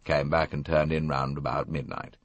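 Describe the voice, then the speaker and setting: A man as a gruff, defiant young man. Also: very deep voice, level tone, moderate pace, no echo, muffled recording. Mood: casual. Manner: blunt and gruff.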